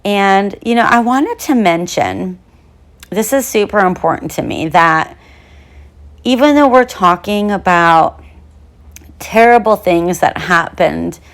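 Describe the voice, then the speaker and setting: A woman's voice: mid-range voice, lively intonation, slow. A young woman hosting a true crime podcast who talks in a chatty, bubbly way with lots of fillers. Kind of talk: casual podcast monologue.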